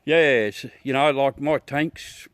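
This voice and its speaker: A man's voice: medium pitch, slow pace, clean tone, no room sound. An Australian man livestreaming outdoors at night, rambling chattily to his viewers through a smartphone. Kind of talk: casual live chat.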